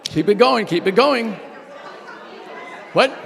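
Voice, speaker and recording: A man's voice: high-pitched, expressive, takes it slowly, creaky, in a large hall, a faint crowd. A man leading a workshop group exercise, coaching and urging the room on with energy. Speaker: workshop presenter.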